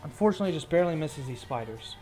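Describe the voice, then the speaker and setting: A man with a fairly high voice runs a tabletop fantasy game, explaining the rules and then narrating the combat in a relaxed, descriptive way. Soft music plays under the talk. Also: racing. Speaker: game master.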